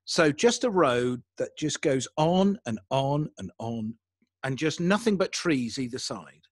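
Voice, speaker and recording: A young adult English man telling a story in a casual interview, animated and self-deprecating. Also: medium pitch, a little slow, dry recording, studio quality. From England. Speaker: podcaster guest.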